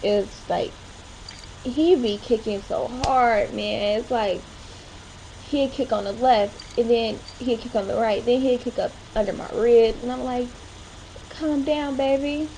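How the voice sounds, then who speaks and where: A woman's voice: fairly high pitch, fairly even intonation, unhurried, warm tone, a little hiss or hum, rough recording. A young woman chatting casually in a home vlog, rambling along with short laughs. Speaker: vlogger. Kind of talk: casual chat.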